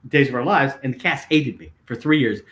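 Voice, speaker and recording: Animated older man telling stories in a roomy echo. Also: medium pitch, brisk, slight background noise. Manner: animated raconteur, lots of fillers and restarts. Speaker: guest. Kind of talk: casual storytelling.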